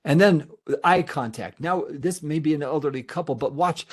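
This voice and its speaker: A middle-aged male therapist gives an earnest webinar presentation, repeating points emphatically and answering questions from the audience. His voice is a little high and his pace moderate.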